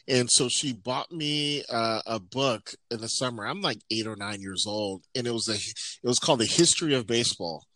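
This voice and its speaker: A man in casual chat, telling animated, laughing stories about his family. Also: normal speed, dry recording. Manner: mimics others in a high voice.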